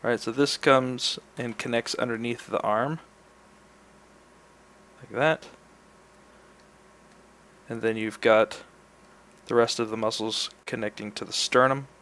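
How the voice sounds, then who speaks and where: A man's voice: medium pitch, measured pace, long pauses. A man in his thirties talking casually as he teaches an anatomy sculpting demo, explaining step by step as he works. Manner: relaxed, explains while demonstrating. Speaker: art instructor.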